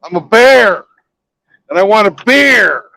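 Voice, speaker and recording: A man putting on the voice of an angry male bear who shouts his demands in a raised pitch, as part of a joke. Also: lively intonation, slow pace, vocal fry, full character voice, rough recording. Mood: angry, demanding.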